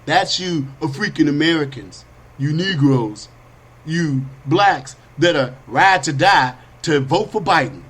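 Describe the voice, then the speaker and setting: A man hosting a podcast, telling an animated parable in street slang, swinging between high whiny character voices and low asides. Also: unhurried, husky. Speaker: podcast host. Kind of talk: storytelling monologue.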